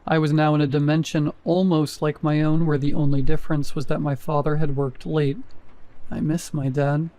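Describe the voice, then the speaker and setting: A man narrates a first-person horror tale in a steady, measured delivery. His voice is mellow and warm, pitched a little high for a man. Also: low-quality recording. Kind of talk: scripted narration.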